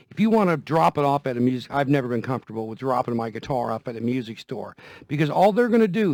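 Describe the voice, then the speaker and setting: A man's voice: medium pitch, a little mellow, dry recording. A man talking casually and folksily about guitar care, repeating himself as he goes, with a guitar heard now and then. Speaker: guitar vlogger. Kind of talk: casual demonstration talk. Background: guitar playing.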